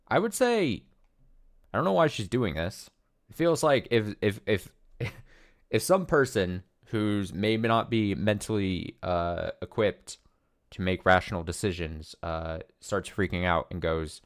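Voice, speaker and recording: A man hosting a let's play, commenting on the game with loud, excitable reactions and swearing. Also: deep voice, unhurried. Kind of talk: gameplay commentary.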